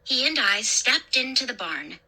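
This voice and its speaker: A woman storyteller reading a first-person horror story in a dramatic, expressive way. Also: on the high side, measured pace. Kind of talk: scripted horror story narration.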